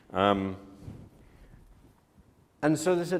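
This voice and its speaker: Speaking slowly and deliberately to a room of students about directing and teaching, a man with a slightly low voice lets his pitch rise and fall in lively swoops, acting out what people say with sudden emphasis. A long, hall-like reverb fills the recording, along with slight background noise.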